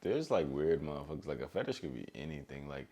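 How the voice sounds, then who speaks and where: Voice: a bass voice, very animated, quick pace, noisy background. A speaker joking around loosely in a casual podcast chat.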